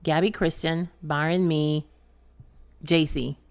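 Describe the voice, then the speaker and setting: Podcast lady rambling thru a family story, lots of um and like, kinda low voice. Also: steady tone, slow pace. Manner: rambling storytelling with many fillers and restarts. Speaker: podcast co-host. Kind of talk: casual chat.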